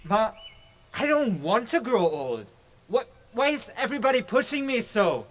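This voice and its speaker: A man's voice: very high-pitched, sing-song, normal speed, a bit bright, a little hiss or hum, exaggerated voice. A man acting a nervous young groom in an amateur stage play, speaking in an earnest, stammering way.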